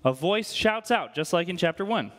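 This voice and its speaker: A man preaching a sermon in church, animated and conversational, quizzing the congregation. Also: high-pitched, normal speed. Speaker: pastor. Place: church hall. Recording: long hall reverb.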